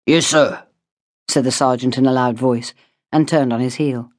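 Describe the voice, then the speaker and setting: A woman narrating an audiobook in a measured, dramatic reading voice. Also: extremely low pitch, steady tone, darkish tone, no room sound, studio quality. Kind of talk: scripted narration.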